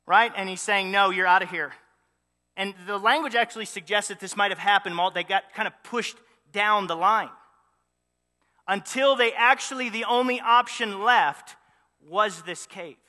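A man with a high, sharply bright voice preaches a sermon, animated and full of rhetorical questions. His voice rings out with a long reverb, as if heard in a large hall. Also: normal speed. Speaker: pastor.

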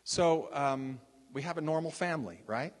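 Older man, ministry leader, lively chatty testimony, a touch high-pitched, long hall reverb. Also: moderate pace. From Texas. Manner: animated, chatty storyteller with many restarts and asides. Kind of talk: casual storytelling testimony.

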